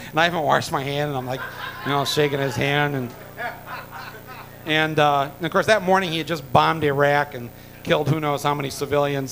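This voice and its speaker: A man's voice: a little high, gravelly, fairly bright tone, low-quality recording. Rambling, wry man telling a story. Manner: rambling, full of fillers and restarts, wry jokes. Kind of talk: rambling anecdote told to an audience.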